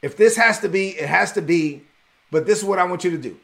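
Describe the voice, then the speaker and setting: A preacher acts out a stubborn, frustrated aging father who grumbles as he gives in. The voice is gravelly and sits high. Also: brisk, fairly bright tone. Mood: grudging.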